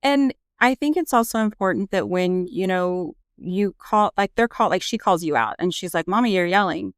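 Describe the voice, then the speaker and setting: Earnest woman with a smooth, resonant voice. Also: medium pitch, normal speed, no echo, studio quality. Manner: earnest, candid, frequent "you know" fillers. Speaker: nurse practitioner and parent. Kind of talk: casual podcast conversation.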